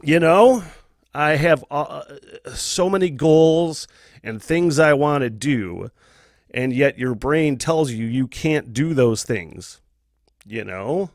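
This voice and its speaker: A man's voice: fairly high pitch, takes it slowly, no room sound, clean studio sound. A man hosting his own podcast, talking candidly and casually, swearing a lot and laughing often. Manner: profane, rambling, laughs often. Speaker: podcast host.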